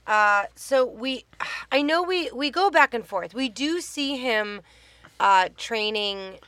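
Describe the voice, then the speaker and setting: A woman's voice: fairly high pitch, animated, slow pace, pushed and bright, no room sound. A woman co-host chatting casually on a podcast, with a slightly raised voice and a loose, self-mocking way of talking. She swears offhandedly. The sound is close and dry, with no room around her. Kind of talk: casual chat recapping a TV show.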